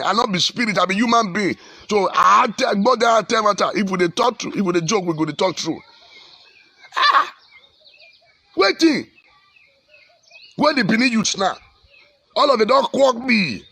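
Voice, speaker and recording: A Nigerian-accented man preaching with fiery, repetitive insistence. His voice sits high and sounds rough and gravelly, with a sharp edge. It is recorded close and dry, with no room sound. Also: no echo. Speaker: pastor. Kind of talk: impassioned social commentary.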